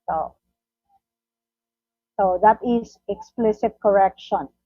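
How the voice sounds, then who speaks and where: Slow, careful woman trainer. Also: medium pitch, dry recording, highs cut off. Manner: explains slowly, repeats and restates points. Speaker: teacher trainer. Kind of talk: online in-service training lecture. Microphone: video call.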